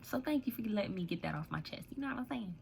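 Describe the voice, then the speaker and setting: Animated woman ranting, quick laughs. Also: mid-range voice, vocal fry. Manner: animated, laughing often, emphatic repetition. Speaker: vlogger. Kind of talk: casual rant to camera.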